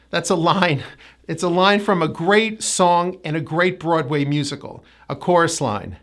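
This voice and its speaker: A woman with an American accent teaching pronunciation, drawing out each sound and repeating words carefully. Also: fairly low pitch. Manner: slow, exaggerated enunciation with drilled repetitions. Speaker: pronunciation coach. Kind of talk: pronunciation lesson.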